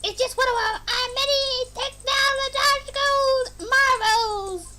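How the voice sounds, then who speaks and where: A woman voicing a tiny, bossy girl army sergeant in a shouted military bark. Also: extremely high pitch, slow pace, faint music behind, pitched above the performer's own voice, full character voice.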